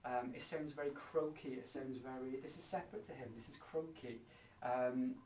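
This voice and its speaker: A man speaks as a medium, feeling his way through impressions with many pauses and fillers. He sounds distant from the mic in an echoey room. Faint noise sits underneath. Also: medium pitch, steady tone, a little mellow. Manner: hesitant, searching, many fillers. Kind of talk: describing psychic impressions on location. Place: indoors at an old inn.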